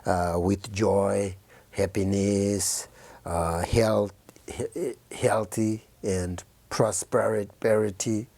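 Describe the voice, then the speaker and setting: A man speaks as a Buddhist teacher in a very low, mellow voice, offering gentle New Year encouragement to his students. He talks slowly, pausing often with soft fillers. The sound is dry and close. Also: fairly even intonation, creaky, dry recording. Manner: halting, many fillers and pauses.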